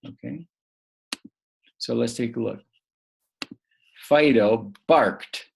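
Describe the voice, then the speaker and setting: In a prerecorded grammar class for little kids, a patient male teacher invites them to stop and respond. He speaks in a husky mid-range voice with vocal fry.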